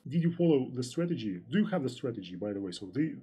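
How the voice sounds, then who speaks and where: A man with a Russian accent, a native Russian speaker, giving a live-stream trading lesson, reading out and answering chat questions in a halting, repetitive way with many fillers. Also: medium pitch, very animated, warm tone, a little hiss or hum. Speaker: trading instructor.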